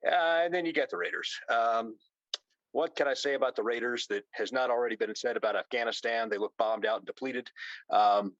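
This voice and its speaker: A man's voice: mid-range voice, a little fast, fairly bright tone, no echo, highs cut off. An American man talking casually as a guest on a sports podcast, full of fillers and restarts, cracking jokes. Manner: conversational, many fillers and restarts, wisecracking. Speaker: NFL insider guest.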